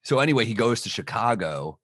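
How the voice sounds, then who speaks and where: A man co-hosting a podcast, telling a lively anecdote in casual chat and swearing freely. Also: lowish voice, fairly quick, no echo, studio quality. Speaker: podcast co-host.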